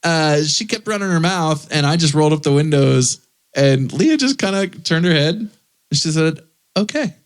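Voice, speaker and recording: A man co-hosting a podcast, telling a story in relaxed casual chat, chuckling often. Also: fairly high pitch, normal speed, smooth. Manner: relaxed, many "like" fillers, chuckling. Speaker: podcast co-host.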